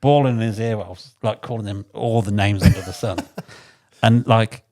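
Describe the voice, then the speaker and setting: An English man telling lively, swear-filled anecdotes from his mechanic days in a casual podcast chat. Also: on the low side, normal speed. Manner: animated anecdotes, swears freely, acts out shouted quotes.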